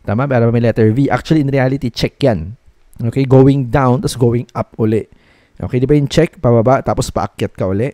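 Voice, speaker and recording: Filipino man teaching, mellow and dry. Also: medium pitch, a little fast, no echo. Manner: switches between English and Tagalog; repeats checks like "okay?" often. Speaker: language teacher. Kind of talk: casual video lesson.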